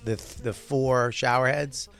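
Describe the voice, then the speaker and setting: A man's voice: medium pitch, fairly even intonation, measured pace, creaky, fairly bright tone, clean tone. A man with a mid-range voice co-hosts a podcast in loose, casual chat. He teases playfully and repeats his questions for comic effect. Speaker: podcast co-host.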